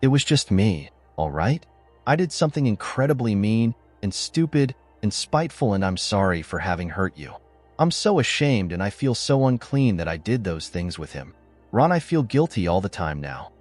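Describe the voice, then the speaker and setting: This is a remorseful wife begging her husband to hear her out, read aloud by a man with no attempt at a woman's voice. The delivery is low in pitch but moves up and down a lot. Soft music sits faintly behind the voice. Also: sing-song, moderate pace, slightly rough. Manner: pleading, apologetic. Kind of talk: storytelling narration.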